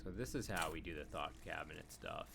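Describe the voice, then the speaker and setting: A man with a rumbling low voice and vocal fry streams a video game, rambling casually at a fairly quick pace and humming filler syllables as he thinks. Background noise runs through this let's-play commentary.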